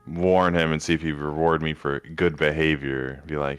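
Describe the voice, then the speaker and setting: A man playing a tabletop game, asking the game master questions in a halting, casual way. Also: rumbling low, level tone, clear, resonant tone, dry recording, faint music behind. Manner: halting, hesitant. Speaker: player. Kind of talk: casual chat.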